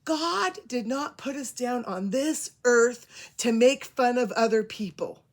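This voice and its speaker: A woman putting on a stern older woman substitute teacher, scolding a classroom slowly and emphatically. Her voice sits a bit high and every word is drawn out with weight. She delivers a moral lecture to a room of children. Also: lively intonation.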